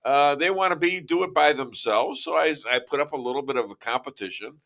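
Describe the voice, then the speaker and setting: Brief: male host, higher voice, bright tone, jokey banter. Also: a little fast, gravelly. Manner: jokey, laughs often, animated. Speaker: show host. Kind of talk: casual studio banter.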